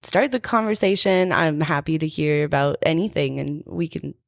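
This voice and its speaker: Low, gravelly young woman. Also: moderate pace, dry recording, clean studio sound. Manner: easygoing, laughs often. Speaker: terrain park builder, guest. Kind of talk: casual podcast chat.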